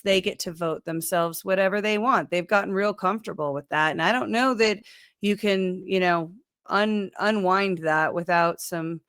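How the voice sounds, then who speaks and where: A woman's voice: on the low side, a bit bright, no room sound, clean studio sound. A woman hosting a casual political chat show over a video call, talking emphatically and pushing back in debate. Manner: emphatic and argumentative. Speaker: show host.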